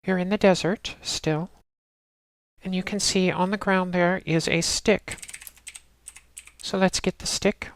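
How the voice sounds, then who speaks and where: A woman narrating a game walkthrough in a steady, instructional way, talking the player through each step. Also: lowish voice, slow, long pauses, dry recording. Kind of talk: casual let's-play walkthrough narration.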